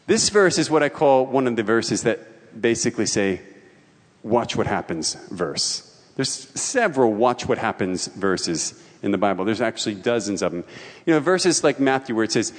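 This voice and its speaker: A man preaching a sermon as a pastor. He reads scripture and lists at a measured pace, prays, and explains in relaxed asides. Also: lowish voice. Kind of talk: sermon with scripture reading and prayer. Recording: long hall reverb.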